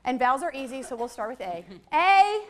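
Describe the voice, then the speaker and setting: A woman with a high voice leads a literacy workshop for teachers. She is middle-aged and lively as she models letter sounds for the room. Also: racing. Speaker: literacy trainer.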